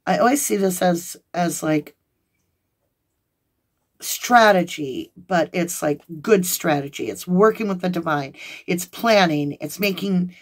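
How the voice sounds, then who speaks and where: A woman with a fairly low voice reads tarot cards for her viewers. She is excitable and gushing and talks straight to them as each card turns up. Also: measured pace. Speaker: tarot reader.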